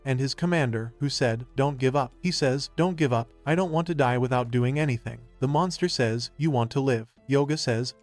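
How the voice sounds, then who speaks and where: A man with a voice of ordinary middle pitch tells a story in a steady recap style. He reads every character's line in the same even narrating voice, and quiet music plays behind him.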